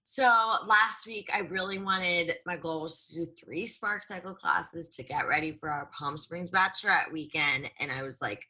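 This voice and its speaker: A woman's voice: sits low, normal speed, few pauses, bright, forceful tone. A young woman co-hosting a podcast, chatting casually and telling stories with lots of "like". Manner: chatty storyteller, many "like"s. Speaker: podcast co-host, blogger. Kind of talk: casual chat.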